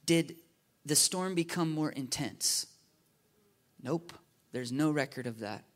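A man's voice: on the high side, slow. Casual conversational preacher, man. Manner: casual, animated, often asking "right?" and "you know?". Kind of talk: conversational sermon.

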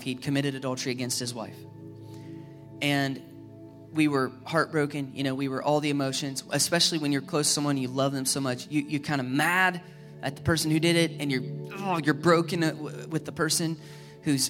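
A man preaching a sermon as a pastor, lively and humorous, driving his points home with repeated rhetorical questions. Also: a little high.

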